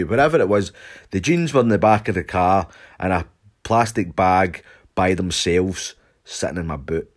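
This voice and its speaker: A young man with a Scottish accent recounts a story in loose, profanity-laden chat. His voice sits low with a husky, slightly breathy edge. He talks to the camera like he's telling mates down the pub. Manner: swears constantly, animated retelling with shouted quotes. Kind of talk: casual anecdote to camera.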